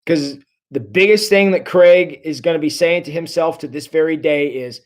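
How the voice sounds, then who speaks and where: Man, church discussion leader, slightly high voice, earnest, halting, lots of restarts. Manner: earnest, many restarts and fillers.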